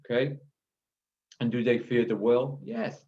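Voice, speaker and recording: A man of Chinese origin delivers an emphatic lecture on dull, lo-fi audio. His mid-range, gravelly voice is animated but a little slow. He's forceful and repetitive, checking in with frequent "okay?" asides.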